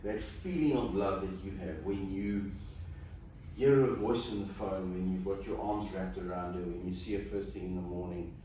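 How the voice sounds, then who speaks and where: A man's voice: low-pitched, mellow. A man serving as wedding celebrant, giving an earnest, coaching talk directly to a couple before their wedding. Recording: echoey room, distant mic, faint noise.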